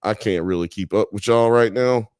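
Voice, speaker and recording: A man's voice: lowish voice, moderate pace, a little mellow, clean tone, dry recording, clean studio sound. A man hosting a live show, reading chat comments and joking around in a loose, profane, casual way.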